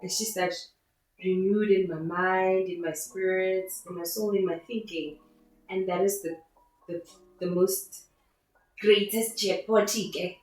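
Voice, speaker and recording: A woman hosting her own podcast in an excitable, rambling way, with faith-filled asides. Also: medium pitch, a little slow. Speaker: podcast host. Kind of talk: casual solo podcast monologue. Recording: very echoey room with faint music.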